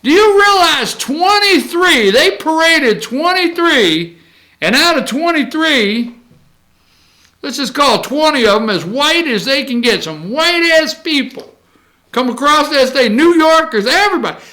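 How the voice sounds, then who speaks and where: A man's voice: very high voice, very animated, measured pace, pushed and bright. A man hosting a political talk show, joking and sarcastic as he rambles through the news. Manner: joking, sarcastic, rambling, jumps between mock impressions. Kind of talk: casual opinion commentary.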